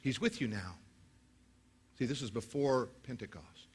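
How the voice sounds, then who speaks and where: Slightly rough and a little slow, this male pastor's sermon alternates between emphatic loudness and quiet, hushed prayer. He has his congregation join him in praying aloud.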